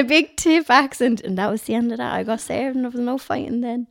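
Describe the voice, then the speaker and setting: A woman with a broad North Dublin accent talks in a casual podcast chat from her home. Her voice sits a little high, and she tells lively stories and laughs often. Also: brisk, vocal fry, few pauses, no room sound. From Ireland. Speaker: guest, lifestyle blogger.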